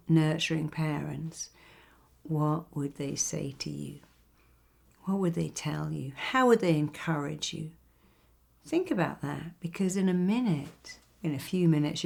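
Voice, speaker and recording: Older woman, from England, therapist, guided self-help talk, low-ish voice, acts out quoted voices. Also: gravelly, a little mellow. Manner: acts out quoted critics and cheerleaders.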